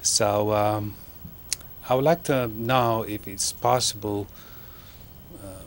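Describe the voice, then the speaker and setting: A man in a studio audience describing his small company and asking the panel how to make things move faster, hesitating often with fillers. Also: fairly low pitch, fairly even intonation, slight background noise. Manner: rambling with many fillers, self-promoting. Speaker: audience member asking a question. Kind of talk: asking a question at a studio event.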